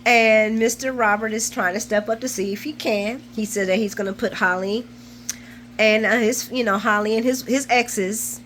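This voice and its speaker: A woman's voice: on the high side, steady tone, moderate pace, fairly bright tone, a little hiss or hum. A woman in her forties, host of a soap opera recap channel, chatting casually and laughing as she retells scenes. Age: 40s. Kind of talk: casual chat, episode recap.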